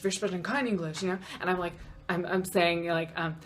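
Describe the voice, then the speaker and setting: A young American woman telling a story in a casual vlog, chatty and animated, with lots of "like" in her speech. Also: fairly low pitch, brisk, hardly any pauses. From United States. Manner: chatty, animated, heavy use of "like". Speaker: vlogger.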